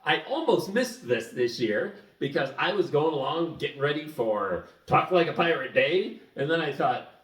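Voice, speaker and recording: Animated, chuckling man in an echoey room. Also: on the high side, normal speed. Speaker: vlogger. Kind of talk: casual storytelling to camera. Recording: echoey room, mic at a distance.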